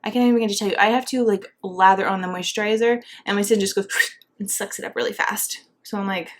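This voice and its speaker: A young beauty vlogger with a lilt, pregnant and a bit out of breath, rambles cheerfully through a casual makeup tutorial. Her bubbly, chatty talk is packed with fillers and asides. Her pitch sits in the ordinary middle range, her tone is steady, and she speaks fast.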